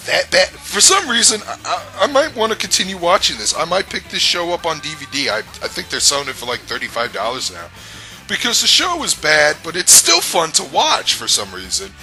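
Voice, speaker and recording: A man's voice: on the high side, bright, forceful tone, poor audio. A man giving a casual review rant, rambling, blunt and profane, with frequent restarts. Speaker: anime reviewer.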